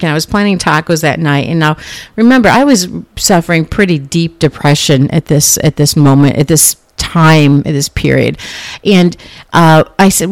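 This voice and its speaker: A woman's voice: fairly low pitch, no echo. Earnest chatty woman podcaster, dry sound. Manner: chatty, earnest, many fillers and restarts. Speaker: podcast host. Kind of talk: personal storytelling talk.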